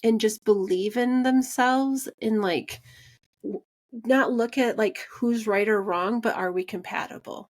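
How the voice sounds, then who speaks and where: A woman's voice: a little high, measured pace. A woman hosting a podcast interview, chatting casually and acting out dialogue as she tells stories, with lots of "like" and "right". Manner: animated storyteller, acts out quoted dialogue; says "like" and "right" a lot. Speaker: podcast host.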